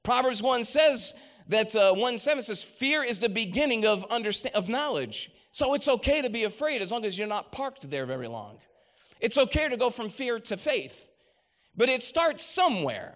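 A man's voice: very high-pitched, very animated, moderate pace, fairly bright tone. A middle-aged man preaching a sermon, telling stories with rising emphasis and quoting scripture.

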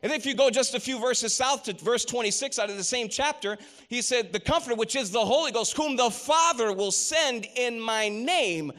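A middle-aged man with a high-pitched voice delivers a sermon. He tells stories with rising emphasis and quotes scripture. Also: moderate pace, few pauses, bright, forceful tone. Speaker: preacher.

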